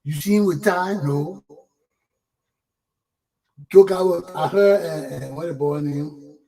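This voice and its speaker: A man's voice: fairly high pitch, slow pace, dark tone, low-quality recording. A man hosting a talk show, giving heated, profane political commentary and repeating words for emphasis. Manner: blunt and profane, repeats words, laughs often.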